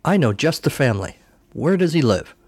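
A man's voice: mid-range voice, very animated, a little fast, a little mellow, no room sound, pitched above the performer's own voice. A man voicing a fussy bird at a meeting in an eager, busy manner.

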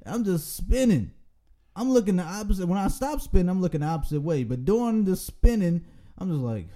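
Young male host, high lively voice, animated storyteller who laughs often and acts out quotes. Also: fairly quick. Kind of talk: casual storytelling chat.

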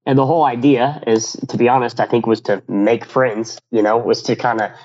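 A man's voice: mid-range voice, steady tone, a little fast, darkish tone, highs cut off. A man, a business owner, telling stories in a casual radio interview, rambling with many restarts and acting out quotes.

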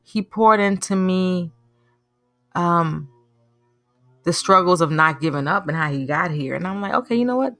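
Earnest woman with a lower voice. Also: a little slow, pauses often, faint music behind. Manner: earnest, preachy, animated storytelling. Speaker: podcast host. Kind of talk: motivational monologue.

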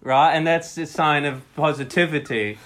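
Deadpan man faking British sayings. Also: on the high side, moderate pace. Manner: deadpan, offers absurd fake British sayings. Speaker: guest playing a British business contact. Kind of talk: comedy sketch improv.

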